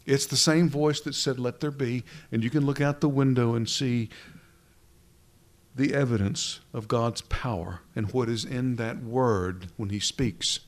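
A man preaching a sermon into a pulpit microphone, slowing down for emphasis and sometimes dropping to a hush. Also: medium pitch, steady tone. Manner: dramatic preaching, slows down for emphasis, drops to a whisper at times.

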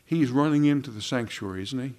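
A man delivers a sermon in a relaxed, folksy manner. He speaks at an ordinary pitch and talks to his listeners as if chatting with them, breaking off into asides and plain everyday examples. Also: quick pace. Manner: conversational, folksy preaching with restarts and asides. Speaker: preacher.

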